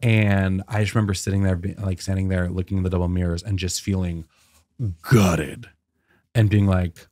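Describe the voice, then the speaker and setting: A man around thirty, a comedian telling a personal story in casual chat, animated and full of "like" fillers. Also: normal speed, no echo, clean studio sound. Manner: animated, many "like" fillers, acts out quotes in a high voice. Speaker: guest comedian.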